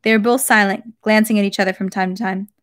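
A young woman reading a long classic novel aloud, steady, with occasional slips and restarts. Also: mid-range voice, fast talker. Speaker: reader.

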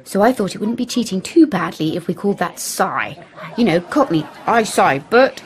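A woman's voice: medium pitch, animated, natural voice. An actress playing a reflective young woman in her twenties, a budding writer, in a radio play. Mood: earnest. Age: 20s. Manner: reflective, then brisk and bossy organizing games. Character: Kay, young woman writer, thoughtful and lively.

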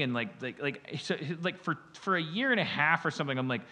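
A man with a bright, fairly high voice rambles through a casual podcast story. He swears freely and acts out little voices and quotes as he goes. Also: fairly quick, few pauses. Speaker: podcast host. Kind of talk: casual chat.

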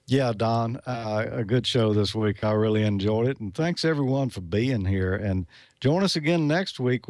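A man co-hosting a ham radio show, signing off in a relaxed, plain-spoken way. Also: medium pitch, dry recording. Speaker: co-host. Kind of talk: casual show sign-off.

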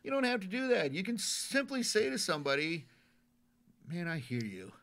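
A man's voice: high voice, big pitch swings, normal speed, a bit bright. A man, a Navy veteran guest, telling stories in a casual interview, earnest and often repeating words as he restarts his sentences.

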